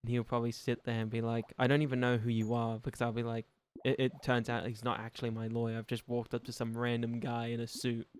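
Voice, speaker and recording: A man's voice: mid-range voice, completely flat delivery, quick pace, few pauses, clear, resonant tone. A young man streaming a game and chatting with viewers, rambling, laughing often and acting out both sides of imagined conversations. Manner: rambling, self-mocking, laughs a lot. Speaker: gaming streamer. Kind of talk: casual live-stream chat reading viewer comments.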